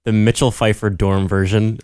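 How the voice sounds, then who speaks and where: A young man co-hosting a casual podcast, reading listener submissions aloud in a relaxed manner. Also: lowish voice, normal speed, no echo, clean studio sound. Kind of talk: casual chat.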